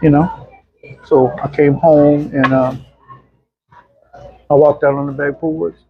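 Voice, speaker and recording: A middle-aged man, an interview guest telling personal stories in a casual, animated way and acting out other people's voices. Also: fairly high pitch, takes it slowly. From Arkansas, USA. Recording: dull, muffled lo-fi sound.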